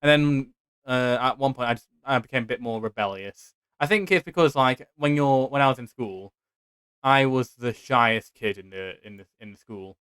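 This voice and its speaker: Lisping English podcast host. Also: male voice, medium pitch, moderate pace, a bit bright, smooth, no echo, studio quality. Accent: English, Stoke. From Stoke, England. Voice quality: slight lisp. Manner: rambling, self-deprecating, swears often. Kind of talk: casual chat.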